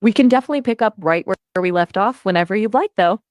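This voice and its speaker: A synthetic-sounding woman's voice as an AI conversation partner, upbeat and playful, with lively jumps in pitch. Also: fast, no room sound, clean studio sound. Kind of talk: chatty voice assistant conversation.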